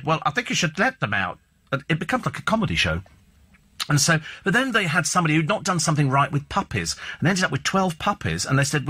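A man hosts a talk radio show from a studio microphone, his husky voice swinging up and down in lively arcs. His tone is bright and edgy as he rambles through opinionated, sardonic gossip. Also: a little high. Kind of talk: casual chat and celebrity gossip commentary.

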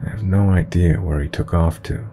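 A man narrating a scary story in a steady storytelling manner. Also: moderate pace, soft background music. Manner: low, steady storytelling with quoted dialogue. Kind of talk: scripted horror story narration.

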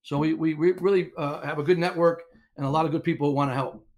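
A middle-aged man telling coaching stories as a podcast guest, animated and rambling with lots of restarts. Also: on the high side, quick pace. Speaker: guest, inventor and former coach. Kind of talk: casual storytelling interview.

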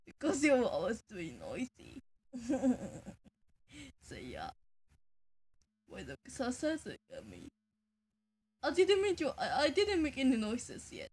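Giggly, teasing woman with a lively voice. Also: high voice, slow, long pauses, a little hiss or hum. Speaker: fan video maker. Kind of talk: playful reaction banter.

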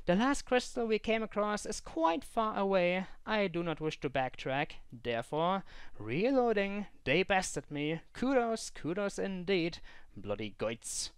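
A woman's voice: lowish voice, sing-song, unhurried, clean tone, dry recording. A woman giving let's play commentary in theatrical, mock-formal phrasing, breaking into frustrated outbursts. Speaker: gaming commentator.

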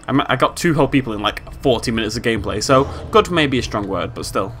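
A British man giving playful, excitable commentary on a game he is playing, humming tunes and yelping with glee. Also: mid-range voice, fast, hardly any pauses, background noise. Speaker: gameplay commentator. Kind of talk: casual let's-play commentary. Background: game music.

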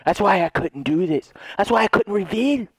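A man's voice: sits high, animated, normal speed, breathy edge, no room sound, clean studio sound. A man in a goofy comedy skit, switching between silly put-on voices with lots of laughter. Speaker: content creator.

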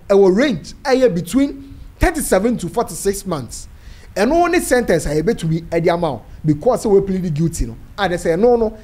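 A Ghanaian presenter retelling a court story, mixing Twi with English legal terms. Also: medium pitch. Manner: animated, switching between Twi and English. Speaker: news presenter.

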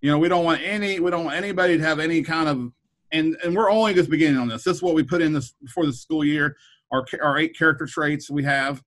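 A Kansas man who works as a middle school principal chats casually on a podcast in a fairly high, fast, somewhat bright voice. He rambles, often repeating words and restarting sentences, and the recording quality is low.

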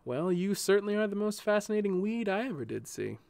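A man voicing Sol, a cheerful gentle sunflower. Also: high voice, big pitch swings, brisk, gravelly, dry recording, voice pushed up, full character voice. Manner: soft, warm and teasing. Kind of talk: storybook narration.

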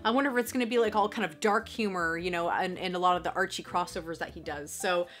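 A young Canadian woman casually chatting as she opens fan mail from her collection channel, gushing and excitable. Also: on the low side, quick pace, faint music behind. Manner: bubbly, gushing, squeals with excitement. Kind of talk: casual unboxing chat.

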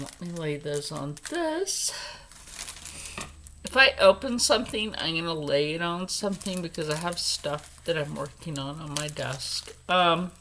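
Slow-talking woman gushing over jewelry. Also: sits low, a bit bright, a little hiss or hum, rough recording. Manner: chatty, gushing over jewelry, drifts into whispers. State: congested from allergies. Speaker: vlogger. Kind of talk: casual jewelry unboxing chat.

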